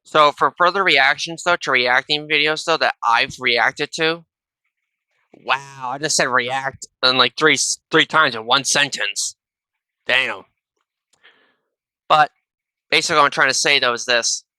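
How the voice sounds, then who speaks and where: Rambling, bright-voiced young man on a headset. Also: medium pitch, measured pace, pauses often, clear, resonant tone, no echo. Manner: rambling, with many restarts and a habitual "though". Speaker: reaction video host. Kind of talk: casual reaction commentary. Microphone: wireless gaming headset.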